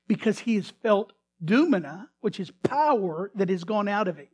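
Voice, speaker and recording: A man's voice: high-pitched, lively intonation, normal speed, breathy edge. Dramatic male pastor preaching. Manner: dramatic storytelling, swinging between loud emphasis and hushed tones; frequent restarts and repeated words. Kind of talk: sermon.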